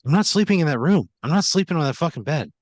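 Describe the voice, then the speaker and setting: A young man reacts in exasperated, swearing outbursts, his pitch swinging widely. The sound is dry and close to the mic. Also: lively intonation, quick pace, no room sound. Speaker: podcast co-host playing along. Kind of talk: comic banter.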